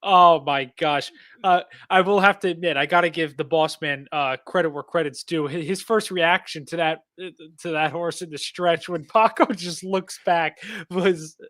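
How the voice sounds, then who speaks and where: A man's voice: fairly high pitch, moderate pace, a bit bright, no room sound, clean studio sound. A man co-hosting a horse-racing podcast, easygoing and a bit hesitant, repeating words as he thinks. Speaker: podcast co-host. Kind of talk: casual handicapping chat.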